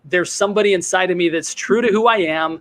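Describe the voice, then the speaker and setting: A man hosting an interview, his voice a touch high for a man. He asks questions in a loose, rambling way, restarting his sentences as he goes. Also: fast talker, a bit bright. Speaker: podcast host.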